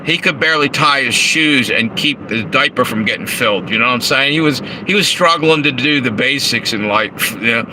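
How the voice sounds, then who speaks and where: A man talks loosely and profanely into his phone, chuckling at his own asides while reading out chat messages. His voice sits in an ordinary middle range. The car's engine and air conditioner hum clearly behind him on the phone recording. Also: medium pitch, fairly quick, few pauses. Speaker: live streamer. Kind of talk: casual livestream talk, reading chat. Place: inside a parked car with air conditioning running. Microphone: handheld phone. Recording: noisy phone audio in a car. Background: car engine and air conditioner hum.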